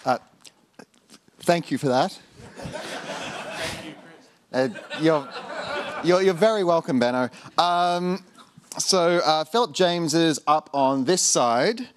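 Man, a bit high voice, halting, lots of fillers, casual stage host. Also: animated, a crowd in the background. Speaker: host introducing speakers. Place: conference hall stage.

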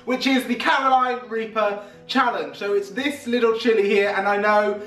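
A man's voice: high voice, fairly even intonation, normal speed, fairly bright tone, recorded from a distance. A young man chatting casually and nervously to the camera. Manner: chatty, nervous, self-mocking. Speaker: YouTuber. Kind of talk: casual vlog challenge. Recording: echoey room, faint background music.

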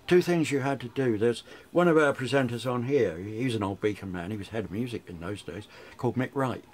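Chatty older radio DJ. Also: male voice, mid-range voice, fast, darkish tone, a little hiss or hum. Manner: chatty, rambling, frequent restarts. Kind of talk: reminiscing interview.

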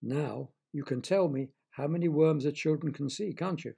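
A man's voice: fairly high pitch, normal speed, creaky, very noisy. A man voicing a mysterious, playful voice in a tent that quizzes two children, with grand, teasing questions.

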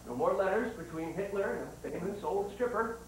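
A man's voice: sits high, animated, fairly quick, a little hiss or hum. A man hosting a comedy TV program, presenting in a mock-earnest way in a sketch comedy. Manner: mock-earnest presenter turning into screaming rant. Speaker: TV program host. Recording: echoey far-off 1990s local TV audio.

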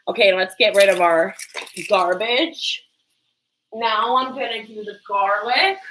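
Cooking in her kitchen at home during a livestream, a woman with a medium-pitched, slightly bright voice chats casually. Her manner is jittery and self-mocking, broken by abrupt yelps. The audio is rough, carrying a faint hiss or hum.

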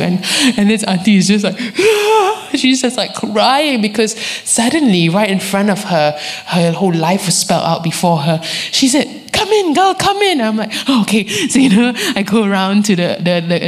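A woman, preaching a sermon and telling a story with lively quoted voices. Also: on the low side. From Singapore. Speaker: guest preacher.

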